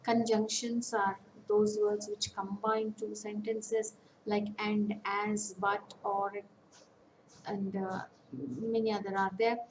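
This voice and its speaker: A woman giving an online lecture, slowly listing example words one by one with pauses. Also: medium pitch, flat delivery, echoey room, slight background noise, low-quality recording. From India. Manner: slow, deliberate, lists words one by one with pauses. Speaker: academic counsellor. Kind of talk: online lecture on English phonetics.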